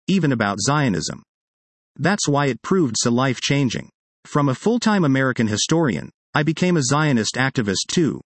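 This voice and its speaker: Middle-aged male professor-author, earnest measured essay read with deliberate pauses; animated intonation, dry recording. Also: mid-range voice, dry recording. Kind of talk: reading a personal essay aloud.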